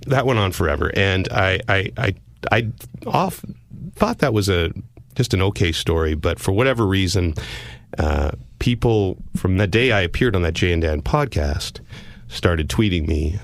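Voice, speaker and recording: A man's voice: low-pitched, lively intonation, normal speed, no room sound. A middle-aged Canadian man, a podcast host and sportscaster, telling a story in casual, self-deprecating chat.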